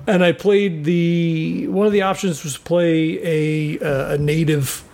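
A man with a notably high voice chats loosely on a podcast, circling his point with many fillers and restarts. He laughs now and then as he talks through his games. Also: fairly even intonation, unhurried, vocal fry, darkish tone. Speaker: regular podcast player. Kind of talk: casual chat.

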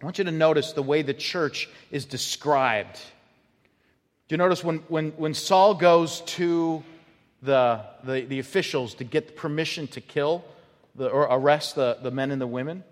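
A man's voice: fairly high pitch, moderate pace. A man preaching a sermon as pastor, emphatic and often repeating his words as he builds a point. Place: church sanctuary. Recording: long hall reverb.

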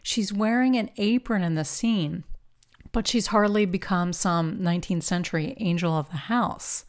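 Woman narrator, scripted film commentary, even mid-range voice, dry wit. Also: medium pitch, moderate pace.

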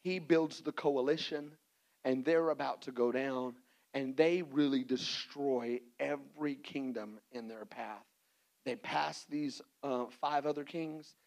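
A man preaching a sermon as pastor, animated and playful, acting out little scenes for the congregation. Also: mid-range voice, slow pace, gravelly, poor audio.

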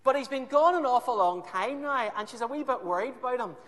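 High-voiced preacher telling a story emphatically. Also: male voice, brisk. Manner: animated storytelling, emphatic repetition. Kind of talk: sermon. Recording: echoey hall.

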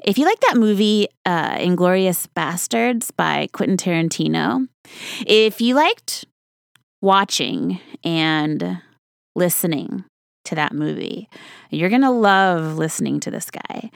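A woman's voice: medium pitch, lively intonation, slow pace, creaky, clean tone, dry recording, studio quality. A woman hosting a podcast, chatting in a casual, enthusiastic, folksy way. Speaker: podcast host.

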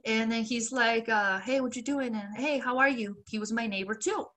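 A woman's voice: on the high side, moderate pace, fairly bright tone. A woman co-hosting a podcast, telling a long story in casual chat, acting out the quoted voices and laughing often. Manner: loose swearing and filler. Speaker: podcast co-host.

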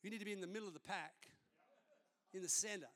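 A man's voice: high-pitched, fast, a bit bright. A man, a senior pastor preaching a sermon in a conversational, storytelling way during a church service.

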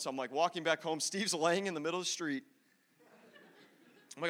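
A man preaching to a room, telling an animated personal story and acting out the voices of the people in it. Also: sits high, quick pace. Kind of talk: storytelling sermon. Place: large hall with an audience. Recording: long hall reverb.

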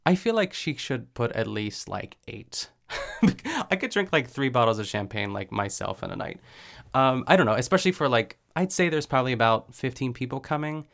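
A man recaps a cooking show in a loose, chatty podcast style. His voice has a gravelly edge and sits at an ordinary pitch. He rambles and fills gaps with "like" and quick laughs. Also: big pitch swings, fairly bright tone. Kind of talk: casual chat.

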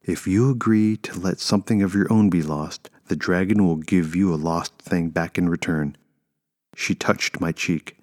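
A man narrating a first-person story in a measured, steady way. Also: deep voice.

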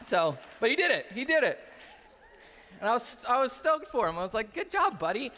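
Guy pastor preaching, kinda high voice, acts out stories, big echoey church hall. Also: a little fast, a faint crowd. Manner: animated storytelling, acts out quotes. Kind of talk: sermon. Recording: long reverb of a large room.

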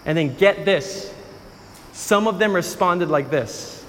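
High-pitched male preacher, emphatic storyteller who repeats lines for effect, long hall reverb. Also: slow pace, fairly bright tone. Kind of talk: sermon.

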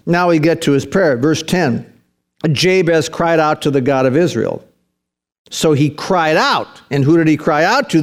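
Male pastor, high-pitched voice, casual sermon delivery that swells into earnest emphasis. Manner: conversational preaching with rising emphasis, addresses listeners as "man".

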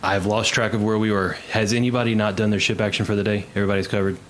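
A man narrating as game master in a tabletop game, relaxed and descriptive. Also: on the low side, rapid-fire, slight background noise.

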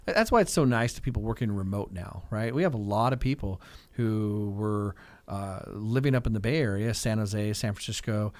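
A middle-aged man from Fresno, California, who works as a real estate agent and coach, chats energetically in a casual radio interview. His voice is fairly low in pitch with no echo, and he sprinkles in plenty of "like" and "right?"

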